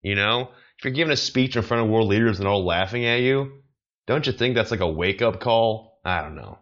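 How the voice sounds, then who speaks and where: A deep-voiced man from the States hosts a rambling solo comedy podcast. He wanders off topic, fills gaps with "you know," and chuckles at his own jokes. The recording is muffled and lo-fi. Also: a little fast, fairly bright tone. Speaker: podcast host, amateur comedian. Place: apartment in China.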